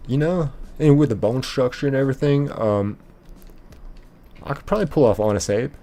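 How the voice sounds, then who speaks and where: A man's voice: mid-range voice, moderate pace, warm tone. A man hosting a live stream in casual chat, reading viewer comments aloud and answering them in a rambling way, full of filler "like"s.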